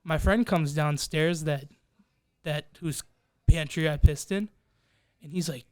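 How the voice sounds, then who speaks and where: A man's voice: on the high side, unhurried, long pauses, no room sound. A young man co-hosting a podcast, telling a story casually among friends, swearing freely and acting out what people said. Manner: profane, animated, acts out quoted voices. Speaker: podcast co-host.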